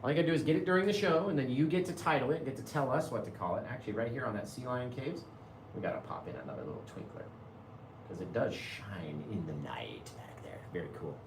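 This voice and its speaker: A man's voice: mid-range voice, very animated, fast talker, echoey room, slight background noise. A man hosting a live painting show, chatting casually with viewers, reading their comments aloud and laughing often.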